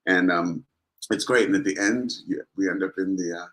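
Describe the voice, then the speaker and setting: Bright-voiced man, easygoing guest. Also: low-pitched, a little fast. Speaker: guest actor. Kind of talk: casual interview chat.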